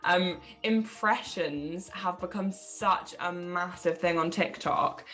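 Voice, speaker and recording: A woman's voice: lowish voice, takes it slowly, a bit bright. A woman co-hosting a podcast, chatting casually, swearing freely and laughing at herself. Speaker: podcast co-host. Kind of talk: casual chat.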